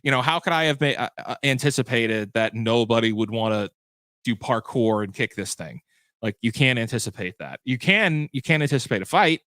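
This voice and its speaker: A man's voice: mid-range voice, expressive, brisk, a bit bright, dry recording. A man hosting a livestream post-show as game master, chatting loosely and correcting himself as he answers viewer questions.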